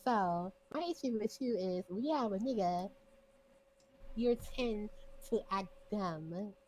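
A woman's voice: mid-range voice, lively intonation, slow pace, a little mellow, slight background noise, rough recording. A woman voicing a sassy, blunt daughter with attitude in a game role-play, sarcastic and slangy. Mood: mocking.

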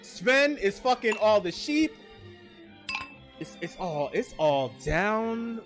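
A woman hosting a streamed trivia night, with loud, joking, slangy banter and quick put-on voices. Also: medium pitch, very animated, faint music behind. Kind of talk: casual streamed game commentary.

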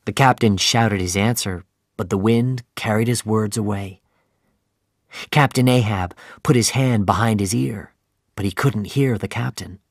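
A man reading a story aloud in slow, clear, deliberate narration for language learners. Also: lowish voice, no room sound, studio quality.

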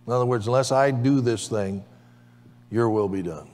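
A man with a mid-range, slightly mellow voice preaches at a moderate pace as pastor of a church. His sermon invites amens from the congregation in call-and-response fashion, and the sanctuary adds a long hall reverb.

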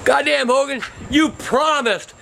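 Cast a man as a furious old grandpa in his sixties, high and gravelly, swearing nonstop through faint background hiss. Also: unhurried, heavily acted. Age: over 60. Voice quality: gravelly, high-pitched, shouty. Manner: cursing constantly, yelling insults. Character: foul-mouthed angry old grandpa, hot-tempered. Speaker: comedy web series character. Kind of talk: profane ranting comedy.

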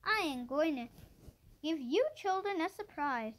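A woman reading a kindly, gentle old grandfather's lines in her own voice. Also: high-pitched, animated, a little slow. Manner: gentle and teasing.

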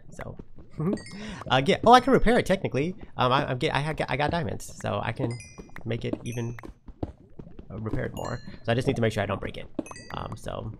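A man talks his way through a long game session, thinking out loud and grumbling at his own mistakes. His voice has a gravelly, creaky edge at a middling pitch. A faint hiss sits under the recording. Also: very animated, fairly quick. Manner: talks to himself while playing, frustrated outbursts. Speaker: Minecraft let's player. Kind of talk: uncut gameplay commentary.

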